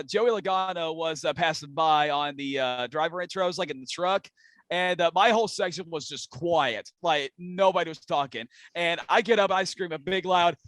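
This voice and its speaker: A young man, a guest on a casual podcast, telling excited stories with lots of fillers. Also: a little high, moderate pace, no room sound. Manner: excited storytelling, many fillers. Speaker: podcast guest, race fan.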